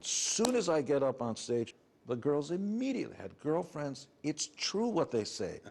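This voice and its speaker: A man's voice: fairly high pitch, sing-song, a little slow, creaky, darkish tone, a little hiss or hum. A middle-aged man with a New York accent, speaking as an interview guest and telling his story in a blunt, matter-of-fact way. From United States. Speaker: interview guest, rock musician. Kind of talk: candid conversational storytelling.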